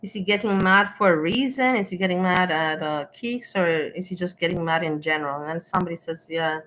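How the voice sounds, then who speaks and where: A woman's voice: fairly low pitch, a little fast, fairly bright tone, a little hiss or hum, low-quality recording. A scornful woman commenting bluntly. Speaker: host reacting to a stream. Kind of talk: casual commentary.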